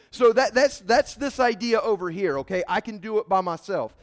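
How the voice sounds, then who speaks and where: A man preaching a sermon in a casual, folksy way, emphatic and animated, swinging between loud outbursts and quiet asides. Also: high-pitched, normal speed, few pauses. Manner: casual folksy phrasing with many restarts.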